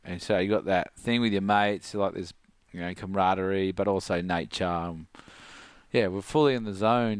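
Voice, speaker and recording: A middle-aged Australian man, a surf coach, telling a story in casual chat, animated and laughing, full of "like". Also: deep voice, moderate pace, smooth, no echo. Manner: animated, laughing, heavy use of "like".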